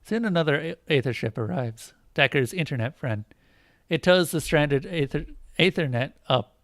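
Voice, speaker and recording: A young man with a fairly high voice reads game text aloud in a flat, clipped tone, then breaks off to joke. The sound is dry and close on a desk mic, with no room around it. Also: moderate pace, dry recording. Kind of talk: casual let's play with read-aloud game text.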